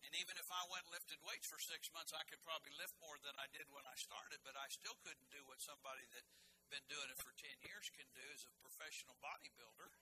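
A male pastor with a fairly high voice preaches in a loose, folksy way, breaking into joking asides and stumbling over restarts. The room behind him carries a clear hum of background noise. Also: fast. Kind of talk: sermon.

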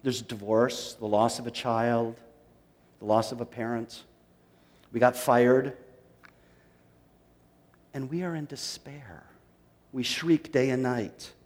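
A man preaching a sermon, reading a psalm dramatically and swinging from loud to hushed. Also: medium pitch, steady tone, slow pace, pauses often, long reverb tail. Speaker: pastor.

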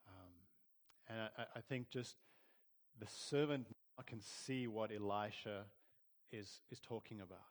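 A man's voice: on the low side, measured pace. A man preaching a sermon in an earnest, conversational way, often restarting his words. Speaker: pastor. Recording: long hall reverb.

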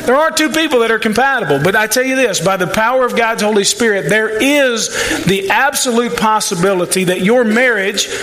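A man's voice: high-pitched, fairly bright tone, a little hiss or hum. A male pastor preaching a sermon, folksy and plain-spoken, with asides and playful sarcasm. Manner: acts out quoted voices.

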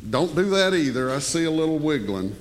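A man's voice: on the high side, big pitch swings, a little fast. Man preaching in a reverberant hall. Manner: conversational preaching, swinging between hushed asides and raised emphasis. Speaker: pastor. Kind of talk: sermon. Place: church sanctuary.

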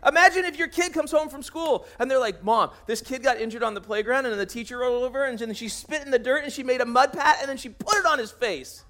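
A man's voice: very high-pitched, quick pace, hardly any pauses, fairly bright tone. A man preaching a sermon, telling the story in a jokey way and acting out the characters' lines as he goes. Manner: jokey, laughs at his own jokes. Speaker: pastor.

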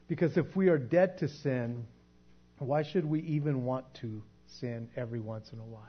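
A man's voice: medium pitch, normal speed, breathy edge, faint music behind. A man teaching a Bible lesson in a casual, conversational way, often repeating words as he works through a point. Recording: dull lo-fi recording.

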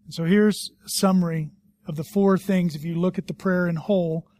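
A middle-aged man preaching a sermon as a pastor, telling stories with animation and dropping to a hush for serious points. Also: high voice, normal speed. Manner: animated storytelling, swings between loud and hushed.

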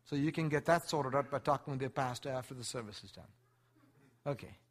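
A man preaching a sermon to a congregation, with animated delivery, acting out the voices of the people he quotes and speaking directly to his listeners. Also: mid-range voice, a little fast. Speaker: pastor.

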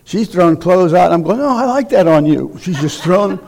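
A man's voice: high-pitched, lively intonation, fairly quick, vocal fry, a little mellow. A man preaching as a guest, reading scripture aloud and then driving his points home with emphatic, rising exhortation.

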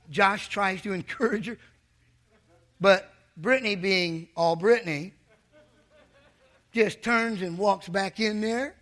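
Man, pastor, sermon, humorous, teasing, high-pitched, bright tone. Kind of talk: sermon with storytelling.

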